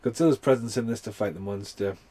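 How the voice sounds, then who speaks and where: Talking fast in a warm, lowish, slightly rough voice, a man gives a casual movie review. It rambles along with lots of fillers and a great deal of swearing.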